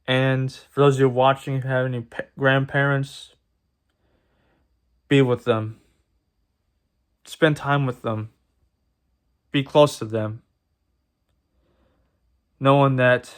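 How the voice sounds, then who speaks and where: Man vlogger, tearful, halting delivery with stammered repeats, mid-pitched voice. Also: flat delivery, smooth. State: tearful, emotional. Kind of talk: personal vlog talk to camera.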